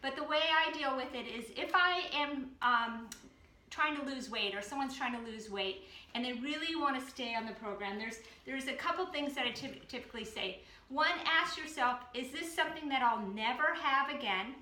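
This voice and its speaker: A woman from the Boston area hosting a casual cooking demo and giving relaxed healthy-eating advice with frequent ums. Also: sits high, normal speed, roomy sound. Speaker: health program host.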